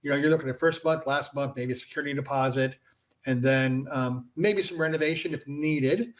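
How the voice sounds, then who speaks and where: A man, a franchise founder and guest, explaining his business in a casual interview and filling pauses with "you know". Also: mid-range voice. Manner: conversational, filler-heavy with frequent "you know".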